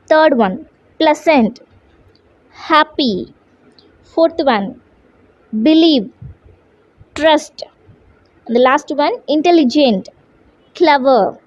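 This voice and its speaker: A woman with an Indian English accent and a high, expressive voice teaches an English lesson in a classroom. She spells words out letter by letter, slowly and deliberately, on a dull lo-fi recording.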